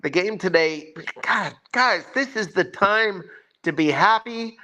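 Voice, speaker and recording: An emphatic, excitable man hosts a sports chat and rallies the fans. His voice is bright and forceful and sits a bit high for a man. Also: slow pace. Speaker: sports podcast host.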